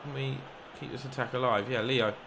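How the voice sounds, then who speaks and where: Fairly quick and medium-pitched, a young man who makes gaming YouTube videos commentates live on a football video game. His excitable, wandering remarks include shouted encouragement to players and jokes about himself, with noise in the background.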